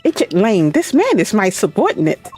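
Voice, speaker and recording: A woman's voice: medium pitch, huge pitch swings, normal speed, darkish tone, soft background music. A woman voicing a proud, haughty young female prosecutor in a game, with a commanding delivery.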